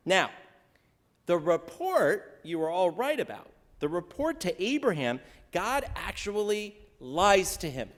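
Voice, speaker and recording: A man's voice: sits high, sing-song, measured pace, long reverb tail. A male rabbi giving an interactive sermon in a synagogue service, talking conversationally, quizzing the congregation and slipping in wry jokes. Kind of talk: interactive sermon teaching the weekly Torah portion. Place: synagogue sanctuary during a service.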